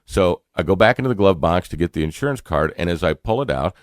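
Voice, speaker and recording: Deep-voiced Southern man telling a story. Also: lively intonation, no room sound, clean studio sound. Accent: North Carolina. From North Carolina. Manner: earnest, halting, repeats words, chuckles often. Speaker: radio show host. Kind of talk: personal storytelling on talk radio.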